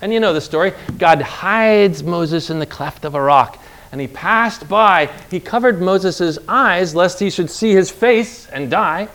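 A man's voice: sits high, measured pace, a bit bright. A man preaching a sermon in a conversational way, putting rhetorical questions to his listeners and pushing his voice up sharply for emphasis. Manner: emphatic, voice jumps up on acted pleas.

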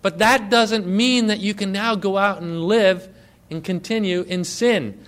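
High-voiced man preaching emphatically. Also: measured pace. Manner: emphatic preaching, swinging between loud stresses and quiet asides; direct questions to the congregation. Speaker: pastor. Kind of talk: sermon.

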